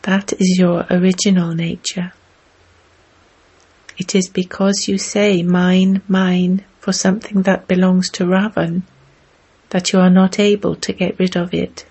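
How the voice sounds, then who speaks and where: Slow, low-key woman giving a spiritual talk. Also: level tone, warm tone, husky. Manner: measured, exhorting with rhetorical questions. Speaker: spiritual teacher. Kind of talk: slow spiritual discourse reading.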